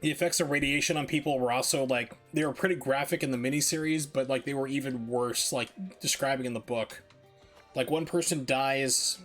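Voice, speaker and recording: A man's voice: mid-range voice, a bit bright. A man streaming a speedrun, chatting casually and rambling with lots of fillers. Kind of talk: casual chat while gaming.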